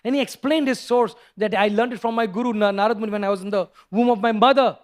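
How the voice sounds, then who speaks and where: Man, storytelling sermon, high voice, animated, halting restarts. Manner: animated, acts out characters, frequent restarts. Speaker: preacher giving a scripture class.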